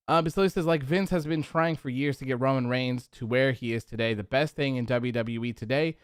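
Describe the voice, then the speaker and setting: A young man casually hosting a live stream, reading viewer comments aloud and reacting with animated bursts. His voice is smooth and clear, with a dry, close sound and no room echo. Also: mid-range voice. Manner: animated, acts out crowd reactions. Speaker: post-show host reading chat.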